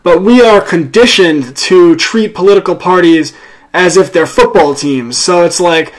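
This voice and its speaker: A man's voice: high-pitched, measured pace, poor audio. A young American man hosting a casual political chat, outspoken and sarcastic. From United States. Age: young adult. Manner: outspoken and sarcastic, swears freely. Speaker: host.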